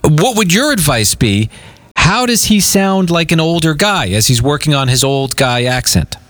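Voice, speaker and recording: A male radio host chatting excitedly and playfully with a caller, laughing often. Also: on the high side, normal speed, no room sound. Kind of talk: morning radio talk.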